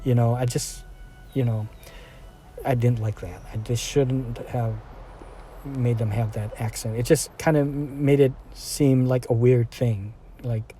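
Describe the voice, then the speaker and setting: A man's voice: medium pitch, steady tone, a little slow, mellow, slight background noise. Rambling man reviewing a film. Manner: rambling, full of fillers and restarts. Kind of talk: casual spoken film review.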